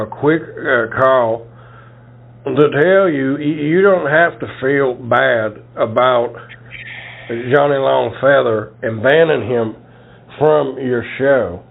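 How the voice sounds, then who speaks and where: A male caller speaking in a halting, folksy way, full of hesitations. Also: mid-range voice, gravelly. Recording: tinny phone line.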